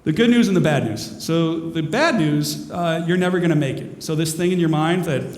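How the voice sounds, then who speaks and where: A minister speaks to a crowd in a large hall, rambling and self-mocking as he moves between jokes and spiritual points. His mid-pitched voice rings with long reverb, and a faint hiss lies underneath. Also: a little fast, few pauses, a little mellow. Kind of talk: humorous inspirational talk. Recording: echoey hall with faint noise.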